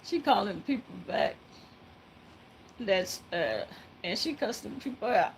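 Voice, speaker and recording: A woman telling a story to viewers in a halting, casual way, breaking into frequent laughter. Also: medium pitch, sing-song, a little hiss or hum, rough recording. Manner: laughs often, halting with many fillers.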